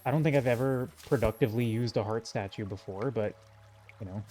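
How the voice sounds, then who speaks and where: A man streaming a game live, rambling and joking as he reacts to whatever he runs into. His voice sits at an average pitch, and game music plays clearly underneath him. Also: a little fast. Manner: rambling, jokey, talking to himself and chat.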